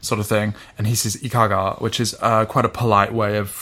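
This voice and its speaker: A man's voice: lowish voice, little pitch movement, fairly quick, pushed and bright. A man co-hosting a casual podcast, rambling and joking as he acts out bits of dialogue. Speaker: podcast co-host. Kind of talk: casual comic chat about manga.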